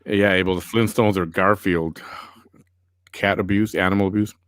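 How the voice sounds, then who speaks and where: Brief: male podcast host, low voice, dry close sound, sarcastic banter. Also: steady tone, moderate pace, a bit bright, no echo. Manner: wry, sarcastic. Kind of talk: casual chat reading viewer comments.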